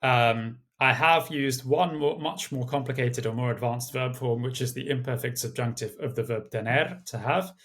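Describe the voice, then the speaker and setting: A man giving a recorded exam tutorial, speaking in a measured way with many uh and um fillers. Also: mid-range voice, a bit bright. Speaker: language tutor. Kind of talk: screen-share exam tutorial.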